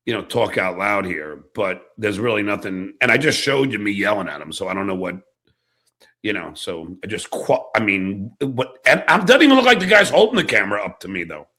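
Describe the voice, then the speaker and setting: A man's voice: lowish voice, expressive, fairly quick, pushed and bright. A man on a live stream talking through an incident, thinking aloud with hesitant, profane asides. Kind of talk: casual crude banter.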